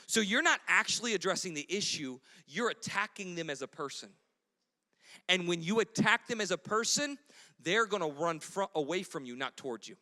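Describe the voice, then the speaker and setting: A man preaching a sermon as pastor, animated, mimicking quarrels in a shrill voice. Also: normal speed, long reverb tail. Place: church hall.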